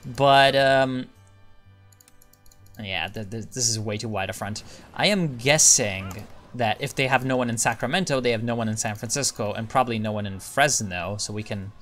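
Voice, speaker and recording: A man's voice: mid-range voice, moderate pace, a bit bright, soft background music. A man giving casual, rambling commentary on his strategy gameplay, thinking aloud and restarting sentences. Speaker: gaming video creator.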